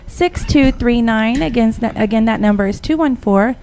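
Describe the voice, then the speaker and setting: Lady in her 40s hosting radio, kinda high voice, chatty, acts out what people said. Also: moderate pace, vocal fry, slight background noise. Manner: animated storyteller who acts out quoted voices. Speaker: radio host. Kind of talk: casual radio talk.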